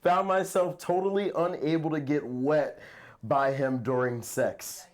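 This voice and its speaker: A man's voice: on the high side, fairly even intonation, unhurried. A man co-hosting a talk show, reading a listener's letter aloud in a plain voice.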